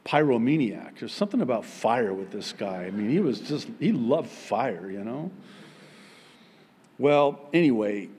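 A man preaching a sermon as pastor, telling the story in an animated way and acting out the voices of the people in it. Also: medium pitch, husky. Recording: long hall reverb.

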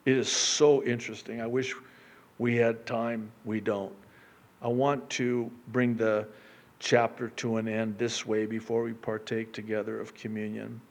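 A man preaching a sermon as pastor, swinging from loud declaiming to a hushed, near-whispered delivery. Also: on the low side, little pitch movement. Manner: slow, emphatic delivery.

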